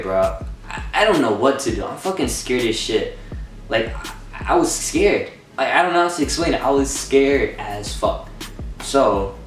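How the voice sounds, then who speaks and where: A young man telling a personal story in a casual storytime vlog, excited, swearing and acting out what people said. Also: mid-range voice. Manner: excited, swearing, acts out quotes. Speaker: vlogger. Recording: roomy echo from far off.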